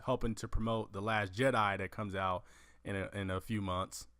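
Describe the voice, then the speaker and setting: A man hosting a casual movie news podcast, profane and animated, acting out lines from films as he tells them. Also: mid-range voice, dry recording, studio quality. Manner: profane, animated storytelling with acted-out quotes. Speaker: podcast host.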